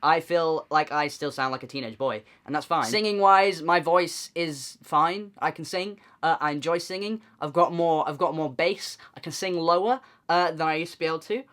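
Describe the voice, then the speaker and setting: A man's voice: a little high, normal speed, hardly any pauses, fairly bright tone. A young man vlogging in a casual, candid and self-deprecating way, chatting straight to camera.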